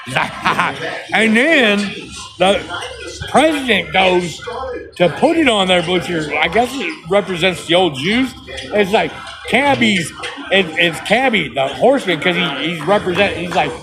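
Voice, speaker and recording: A man in a rambling comedic monologue, talking excitedly and breaking in with quick checks for agreement. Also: high-pitched, music in the background, poor audio. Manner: excited, rambling, keeps asking "right?".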